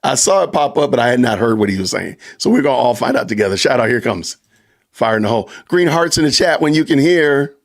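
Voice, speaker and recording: A man hosting a live stream in a relaxed, chatty manner, reading out viewer comments. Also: mid-range voice, quick pace, vocal fry. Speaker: livestream host. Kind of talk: casual live chat.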